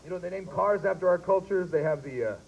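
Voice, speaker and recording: High-pitched guy doing stand-up live, punchy jokes, muffled old tape with a bit of hiss. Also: gravelly. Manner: punchy, quick bits with voiced characters. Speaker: stand-up comedian. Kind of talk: stand-up comedy set. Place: live comedy stage. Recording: dull lo-fi live recording with faint hiss.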